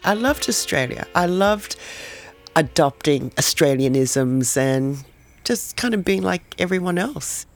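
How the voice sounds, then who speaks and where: A woman's voice: on the low side, lively intonation, a little slow, soft background music. An older woman from New York, telling her own stories in an interview and acting out the voices in them. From New York, USA. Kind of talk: storytelling interview.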